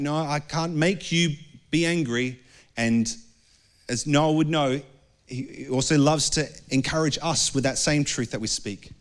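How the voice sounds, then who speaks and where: A middle-aged man preaching a sermon in an earnest, conversational way, with some passages dropping into soft, hushed prayer. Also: fairly high pitch, a little slow. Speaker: pastor.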